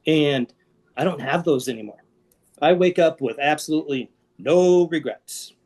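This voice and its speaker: A man's voice: fairly high pitch, moderate pace. A middle-aged man, a guest on an interview podcast, talking candidly and with self-deprecating humor about his past. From Seattle area. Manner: frank and self-deprecating, with lively asides.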